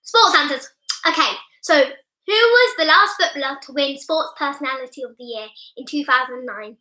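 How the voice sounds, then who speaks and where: A young woman helping run a family quiz, chatty and excitable, often cutting in. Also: high-pitched, normal speed. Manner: chatty, excitable, keeps interrupting. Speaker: quiz co-host. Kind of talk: casual chat. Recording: echoey room.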